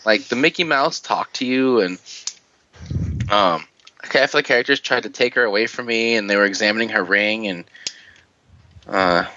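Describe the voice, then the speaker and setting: Bright-voiced man in casual chat. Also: on the low side, normal speed, pauses often, dull audio. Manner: rambling and swearing, with frequent laughs.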